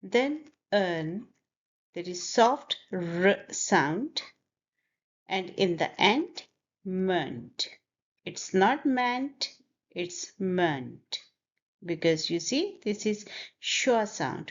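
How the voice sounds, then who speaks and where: A woman's voice: fairly low pitch, expressive, slow, highs cut off. A woman teaching English pronunciation, carefully over-articulating words and repeating them for learners to copy. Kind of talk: slow, deliberate pronunciation lesson.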